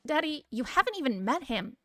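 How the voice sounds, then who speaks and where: A woman doing a sweet young girlfriend, soft soprano, very high, hasty, game reading. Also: very animated, fairly quick, dry recording, studio quality. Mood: agitated.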